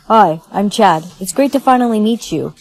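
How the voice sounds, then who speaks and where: A synthetic woman's voice reading lines in short POV skits in an even, machine-like way. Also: medium pitch, normal speed. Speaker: text-to-speech storyteller. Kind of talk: text-to-speech POV skit narration.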